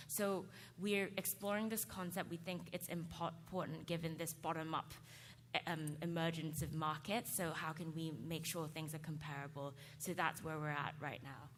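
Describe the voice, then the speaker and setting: Female panelist, low-pitched, explanatory, reverberant conference hall. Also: a bit bright, slight background noise. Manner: explanatory, uses "like" and "um" fillers.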